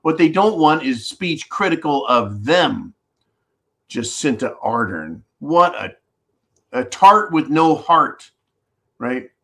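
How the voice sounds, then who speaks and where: Fired-up ranting man with a higher voice. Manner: animated, ranting and profane. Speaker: host of a preparedness channel. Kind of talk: live-stream commentary.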